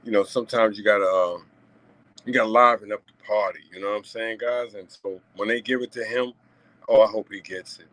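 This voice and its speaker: Low-voiced man in emphatic vlog commentary. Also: fairly even intonation, fairly quick, a bit bright, dry recording, low-quality recording. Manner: emphatic and repetitive, frequent "you know what I'm saying" asides; chuckles between points. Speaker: vlogger commenting on a news story. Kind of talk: casual commentary monologue.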